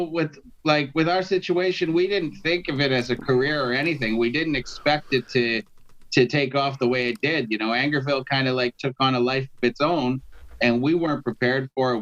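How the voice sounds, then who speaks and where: A man's voice: medium pitch, fairly bright tone. A man from Canada, a rapper guest, telling stories in a rambling, filler-heavy casual interview over a video call. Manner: rambling storyteller, many fillers. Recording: dull lo-fi video call audio.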